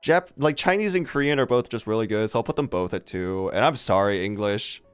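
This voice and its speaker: A streamer chatting casually with a live chat, animated and rambling, laughing often. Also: medium pitch, fairly quick, clear, resonant tone, no echo, faint music behind.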